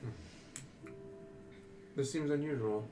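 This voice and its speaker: A man's voice: medium pitch, slow pace, warm tone, soft background music. Puzzled man playing in character. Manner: puzzled, earnest in-character musing. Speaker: player. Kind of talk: in-character tabletop role-play.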